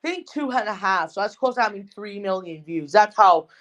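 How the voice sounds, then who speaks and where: Woman co-host, casual fan chat, rambling and excitable, mid-pitched everyday voice. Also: brisk. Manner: excitable, rambling with many fillers. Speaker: podcast co-host.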